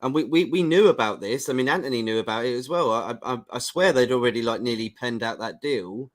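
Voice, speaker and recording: A man's voice: medium pitch, brisk. A man hosting a casual football podcast, speaking in a hesitant, stumbling, agreeable way. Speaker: host.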